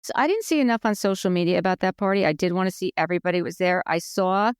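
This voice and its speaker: A woman in casual podcast chat with a smooth, clear voice. She recaps scenes in a chatty way, slipping into quoted lines, recorded close and dry. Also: on the low side, fast talker, dry recording. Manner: chatty, retells scenes by quoting others in lively voices. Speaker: podcast co-host.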